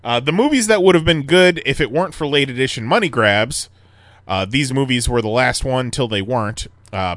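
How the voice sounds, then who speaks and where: Male podcast co-host, lively bright delivery, casual and profane, dry close recording. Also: medium pitch, dry recording. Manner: animated, laughs often, swears casually.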